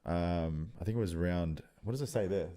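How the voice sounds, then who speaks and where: Deep-voiced young Australian man, casual yarn. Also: normal speed, mellow. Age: 20s. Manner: loose storytelling, heavy swearing, many ums. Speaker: podcast guest, rugby league player. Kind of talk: casual podcast chat.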